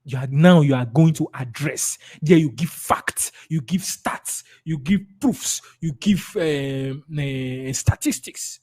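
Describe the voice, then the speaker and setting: A man's voice: on the high side, slow pace, few pauses, a little mellow. Emphatic Nigerian man teaching sales. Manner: emphatic, repeats key words, acts out client dialogues. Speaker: sales trainer. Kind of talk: live sales training talk.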